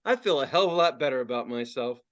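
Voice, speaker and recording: A man's voice: medium pitch, lively intonation, fast talker, a bit bright, lo-fi sound. A man in his forties ranting and swearing as a podcast co-host, laughing often in casual talk. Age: 40s. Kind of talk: casual profane podcast rant.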